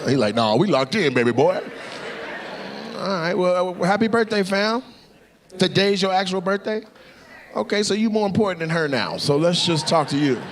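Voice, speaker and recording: Brash, lively stand-up comedian roasting the crowd. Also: male voice, high voice, moderate pace. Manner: brash, profane teasing of audience members. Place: comedy club stage. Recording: noisy live club recording.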